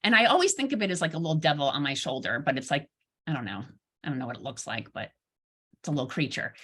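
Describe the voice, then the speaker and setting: Woman therapist, casual talk to a group, very expressive pitch, acts out dialogue, self-deprecating humor. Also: fast, husky. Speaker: therapist and guest speaker. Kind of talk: informal presentation to an online audience.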